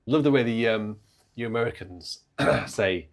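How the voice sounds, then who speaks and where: A man's voice: on the low side, moderate pace. A British man hosting a livestream from the organ, chatting playfully and teasing viewers in the chat.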